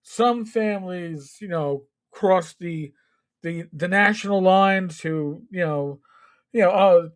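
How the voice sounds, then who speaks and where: High-voiced rambling male guest. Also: slow pace. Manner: rambling, stumbling over words. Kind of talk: casual livestream chat.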